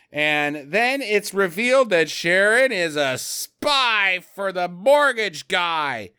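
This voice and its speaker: A man's voice: high voice, big pitch swings, slow pace, few pauses, pushed and bright, clean tone. A man casually recapping a bad movie, rambling and sarcastic, with mocking quoted voices. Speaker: podcast co-host.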